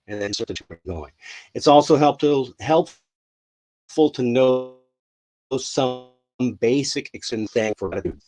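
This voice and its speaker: A man's voice: mid-range voice, a little slow, darkish tone. A man hosting a live English lesson, loose and rambling with many restarts, acting out example phrases with emphasis. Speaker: English teacher, live show host.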